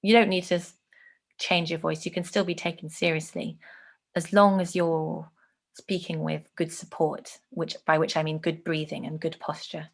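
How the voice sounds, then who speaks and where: Gravelly low-voiced woman teaching. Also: flat delivery, normal speed. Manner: explains clearly, demonstrates with her voice. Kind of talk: online lesson.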